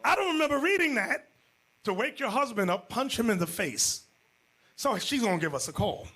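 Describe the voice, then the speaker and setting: Husky high-voiced animated bishop. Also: male voice, moderate pace. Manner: storytelling, swings to loud shouting. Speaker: bishop and teacher. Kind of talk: animated class sermon.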